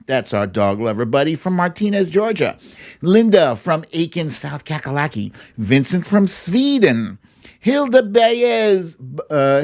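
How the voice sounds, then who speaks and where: A man hosting a live stream, reading out viewers' greetings with playful, sing-song asides and little hums. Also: fairly high pitch. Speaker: livestream host. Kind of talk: reading a live chat roll call.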